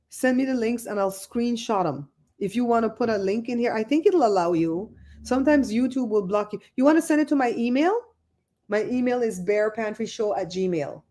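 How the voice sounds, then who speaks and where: A middle-aged woman hosting a casual livestream from home, chatting and telling stories in an animated way. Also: mid-range voice, brisk. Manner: chatty, animated storyteller reading chat. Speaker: livestream host.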